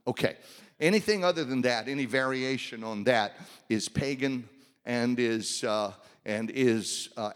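A man preaching a sermon, swinging between loud, raised passages and hushed, quiet ones. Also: medium pitch. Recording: long hall reverb.

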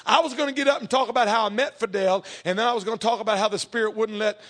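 A man preaching a sermon, telling a story and acting out both sides of a conversation, swinging from shouts to hushed tones. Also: high voice, very fast.

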